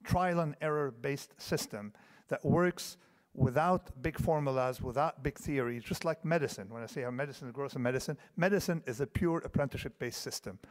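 A man's voice: medium pitch, a little fast, hardly any pauses. A man in his fifties giving a conference lecture, digressive, full of restarts and asides that check in with the audience. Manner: digressive, restarts often, asks the audience "okay?". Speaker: keynote speaker. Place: large conference hall. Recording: long hall reverb.

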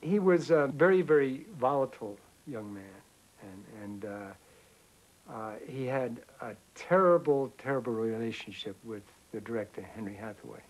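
A man reminiscing in an interview, halting and a little amused as he recalls a fellow actor. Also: mid-range voice, expressive, poor audio. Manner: halting, with fillers and restarts, amused.

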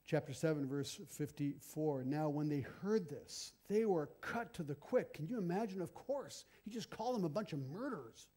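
A man, a missionary, preaching a sermon in a church, animated, with sudden loud bursts and quiet asides. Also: a little high, moderate pace, hardly any pauses.

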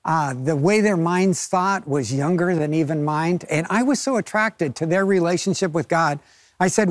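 A man's voice: a little high, moderate pace, no room sound, studio quality. A man pastor telling a story in a sermon, acting out the people in it and chuckling as he goes. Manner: lively storyteller who acts out quoted voices.

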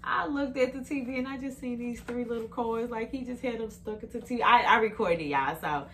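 A woman's voice: a little high, fairly quick, a bit bright, a little hiss or hum. A woman vlogging at home in a casual, chatty way, talking straight to her viewers on a phone camera.

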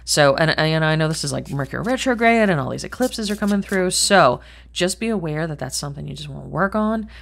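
Deep-voiced and animated, this middle-aged tarot reader talks fairly quickly with vocal fry as she reads for the camera. She rambles and thinks out loud, speaks bluntly, and swears in an offhand way.

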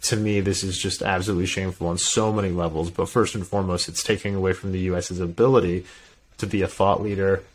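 A man's voice: low voice, flat delivery, quick pace. A man co-hosting a podcast in casual chat, talking with strong opinions and laughing often. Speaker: podcast co-host.

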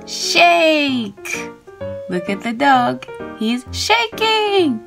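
A woman's voice: a little high, sing-song, drawn-out words, over music. A woman teaching sight words to children, cheering them on with praise in an exaggerated sing-song way. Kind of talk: sight word drill for kids.

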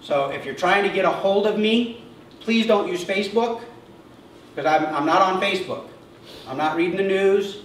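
A man's voice: high-pitched, normal speed. A man preaching a sermon as the church's pastor, in a conversational way that keeps checking in with "okay?". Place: church sanctuary. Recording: echoey church sound heard from a distance with faint noise.

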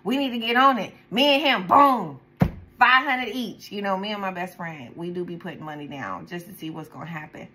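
A woman's voice: fairly low pitch, normal speed, pushed and bright, slight background noise, rough recording. A woman giving a casual tarot reading to her viewers, talking in a chatty, profane, rambling way and often breaking into laughs. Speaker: tarot reader.

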